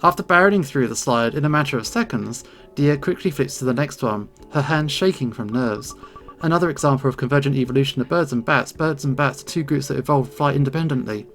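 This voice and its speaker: A man voicing a shy, anxious teenage schoolgirl who mumbles and rushes through her lines, with faint game music behind. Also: medium pitch, lively intonation, a bit bright. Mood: rushed. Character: nervous shy teenage girl student.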